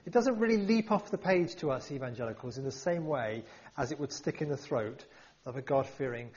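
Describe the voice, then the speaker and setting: Lively man preaching a sermon. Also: mid-range voice, brisk, muffled recording. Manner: lively, emphatic preaching with rhetorical questions.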